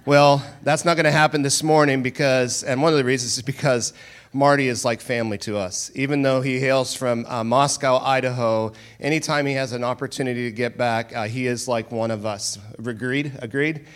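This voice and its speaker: A man, a church pastor, introducing a guest speaker to the congregation with many pauses and fillers. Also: mid-range voice, steady tone. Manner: warm welcoming, filler-heavy. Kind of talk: sermon introduction.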